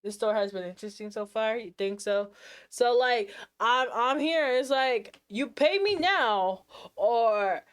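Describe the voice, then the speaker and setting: A woman streamer chatting casually with her live audience, sassy and slangy, full of quick asides and restarts. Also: fairly high pitch, clean tone.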